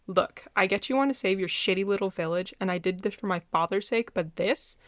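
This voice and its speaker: A woman's voice: medium pitch, brisk, dry recording, natural voice. Woman reading a scornful young man, curt and contemptuous, plain dry voice. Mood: dismissive. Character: cold, rude young man, disdainful husband.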